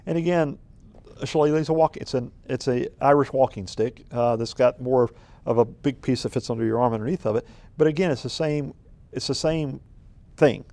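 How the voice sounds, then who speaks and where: A man's voice: medium pitch, fairly quick, warm tone, no echo. A man speaking as a city manager in a conversational interview, telling stories in a rambling, folksy way full of ums and restarts. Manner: rambling, filler-heavy, folksy storytelling.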